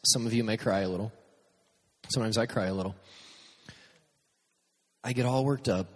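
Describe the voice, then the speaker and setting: A man's voice: fairly low pitch, moderate pace, in a large hall. A man hosting a podcast, giving a message through humorous, self-deprecating personal stories and acting out what people said. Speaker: youth speaker and podcast host. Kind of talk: storytelling sermon.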